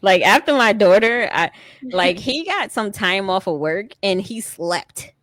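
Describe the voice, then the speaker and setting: A woman in her thirties, a former soldier and mother, telling her story in a casual interview, animated and laughing often, acting out what people said. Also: mid-range voice, a little slow, dry recording, clean studio sound. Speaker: guest, army veteran and mother.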